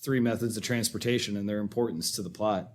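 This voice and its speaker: A man's voice: on the low side, steady tone, fast. A man co-hosting a film podcast, talking casually and chuckling as he recounts scenes. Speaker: podcast co-host.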